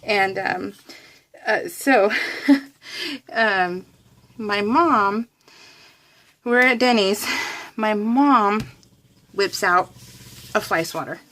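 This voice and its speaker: A woman's voice: mid-range voice, animated, extremely slow, long pauses, a bit bright. A woman vlogger telling a rambling, chatty story in a casual voice-over, often laughing and poking fun at herself. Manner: self-deprecating. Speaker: craft vlogger.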